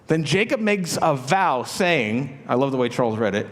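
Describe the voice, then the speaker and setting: In a large church sanctuary with a long churchy reverb, a pastor delivers a sermon in a chatty, joking way, full of asides and rhetorical questions. His voice sits at medium pitch with big swings, moving at normal speed with a fairly bright tone.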